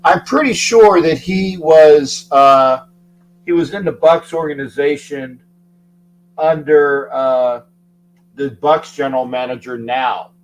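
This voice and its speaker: A man hosting a casual sports talk show, rambling and repeating himself, getting loud when he makes a point. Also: on the high side, slow, low-quality recording. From Florida. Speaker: show host.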